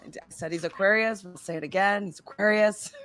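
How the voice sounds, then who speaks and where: A woman's voice: mid-range voice, moderate pace, fairly bright tone, no room sound. A woman hosting a casual reality TV recap, chatty and giggly, talking to her live chat. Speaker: podcast host.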